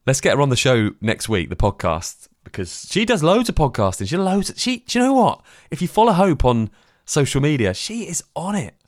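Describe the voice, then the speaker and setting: A man's voice: on the high side, very animated, moderate pace, no room sound, studio quality. A man co-hosting a casual radio-station podcast, talking in an enthusiastic, rambling way. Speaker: podcast co-host. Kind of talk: casual chat.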